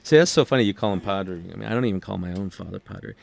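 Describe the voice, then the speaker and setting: A low-voiced man hosts a relaxed podcast conversation. He tells his stories with plenty of life and acts out what other people said. The sound is dry and close, with no room in it. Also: rapid-fire, vocal fry, dry recording. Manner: animated storyteller who acts out quotes. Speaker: podcast host. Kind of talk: casual chat.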